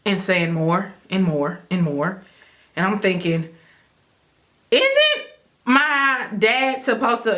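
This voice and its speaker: Woman vlogger, casual storytime delivery, animated and direct to camera. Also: medium pitch. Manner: animated, addresses viewers as y'all, acts out her own inner thoughts. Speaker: vlogger telling her wedding story.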